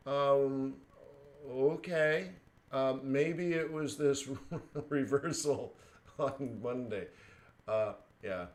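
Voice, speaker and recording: A man with a medium-pitched voice speaks slowly while hosting a live trading stream. He chats casually, using plenty of fillers and chuckling asides.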